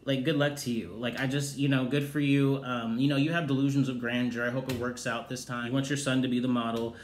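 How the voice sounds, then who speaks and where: A man giving a sassy, profane recap of a reality show, with loud exclaimed outbursts. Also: medium pitch, level tone, brisk, a little hiss or hum. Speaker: TV recap host. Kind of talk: casual review commentary. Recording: roomy echoey room.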